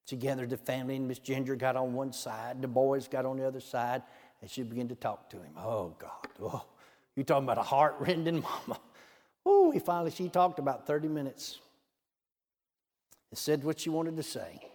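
A man's voice: mid-range voice, normal speed, a little mellow. A man telling a minister's testimony in a folksy way, with many "you know" asides. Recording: long hall reverb.

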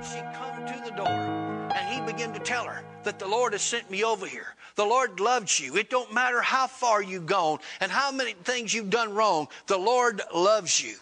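Man preaching, high pitch, bright voice, folksy storytelling sermon. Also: moderate pace, faint music behind. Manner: retells dialogue with rising pitch, Southern colloquial grammar.

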